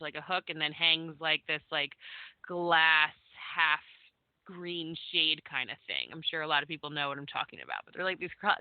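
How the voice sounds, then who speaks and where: A woman's voice: sits low, dry recording. A woman from Vermont and New Jersey, a radio guest telling a ghost story with lots of "like" fillers. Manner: chatty, many "like" fillers, acts out her teen self. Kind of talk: casual storytelling on a call-in radio show. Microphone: phone call. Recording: tinny phone line, dry.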